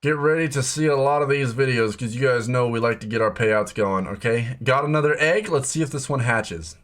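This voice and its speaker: A young man giving excited, exclamatory commentary while walking through a video game's new features. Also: mid-range voice, brisk. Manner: excitable, exclamatory, lots of "oh my gosh". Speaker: game content creator.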